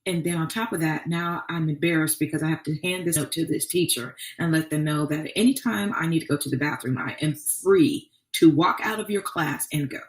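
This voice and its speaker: A woman's voice: sits low, brisk, few pauses. A woman hosting a podcast, telling her own story in an earnest, faith-filled way with many restarts. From Arkansas. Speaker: podcast host. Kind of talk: personal testimony podcast. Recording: echoey room, distant mic.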